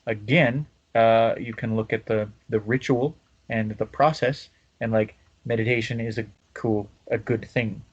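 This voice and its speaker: A man hosting a podcast, chatting casually and rambling with many pauses and fillers. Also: on the low side, steady tone, breathy edge, muffled recording. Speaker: podcast host. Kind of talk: casual chat.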